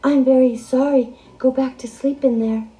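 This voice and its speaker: A woman's voice: high-pitched, steady tone, normal speed, warm tone, roomy sound, faint music behind, voice pushed up, natural voice. A woman voicing a proud, stubborn male goose in a storybook read-aloud, earnest in manner.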